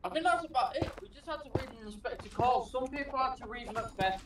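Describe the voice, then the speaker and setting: A man's voice: very high-pitched, animated, quick pace. A British man chatting playfully on a livestream, self-deprecating and easygoing. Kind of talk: casual chat. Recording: echoey, distant, noisy call audio.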